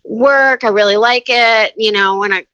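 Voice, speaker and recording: A woman's voice: fairly high pitch, moderate pace, pushed and bright, smooth, no echo, highs cut off. A woman quoting a breezy, friendly company man.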